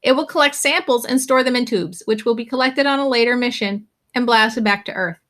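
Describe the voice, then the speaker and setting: A woman's voice: a little high, fairly quick, fairly bright tone. A woman teacher giving a casual classroom lecture, chatty and laughing often as she reads comics aloud.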